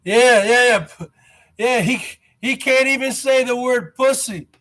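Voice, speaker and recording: Man, 40s, high bright voice, rambling mocking rant, vlogging from home. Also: unhurried. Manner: repetitive, drawls "man" at line ends. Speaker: vlogger host.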